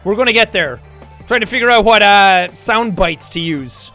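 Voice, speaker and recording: A man hosting a casual livestream, chatting in a jokey, excitable way, with bursts of shouting and laughter. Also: sits high, normal speed. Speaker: livestream host. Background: faint background music.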